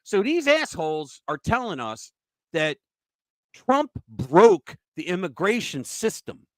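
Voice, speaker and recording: A man ranting on his own political talk show, his voice swinging widely between high outbursts and low mutters. He swears often and mocks the people he talks about. The sound is close and dry, with no room behind it. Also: very animated, takes it slowly, dry recording. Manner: profane, ranting, mocking impressions. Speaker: podcast host. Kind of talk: political commentary rant.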